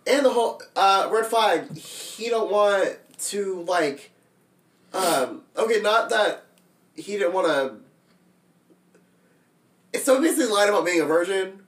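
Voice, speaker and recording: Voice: medium pitch, expressive, a little slow, long pauses, distant mic. Young podcast co-host, roomy and off-mic. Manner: teasing, blunt reactions. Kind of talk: casual gossip chat.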